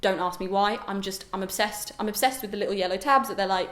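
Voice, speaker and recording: A young adult woman chatting casually to camera as a vlogger, animated and exclaiming. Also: mid-range voice, fast talker. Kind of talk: casual vlog chat. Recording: roomy echo.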